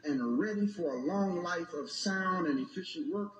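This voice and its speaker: A man with a very high voice preaches slowly to a congregation, his pitch swinging widely. He reads passages aloud and keeps turning to the crowd with questions, sometimes building to a shout. The room is echoey, with clear noise behind him. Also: expressive, dull audio. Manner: reads a text aloud and breaks off to ask the audience questions; swells into shouted emphasis. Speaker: lecturer speaking to a congregation. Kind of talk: impassioned preaching lecture.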